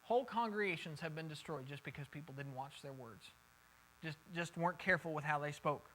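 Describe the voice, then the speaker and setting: Bright-voiced pastor teaching Scripture. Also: male voice, fairly high pitch, a little fast, a little hiss or hum, poor audio. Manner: conversational, repeats words while thinking; takes questions from the group. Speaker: pastor teaching a Bible study. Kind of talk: sermon.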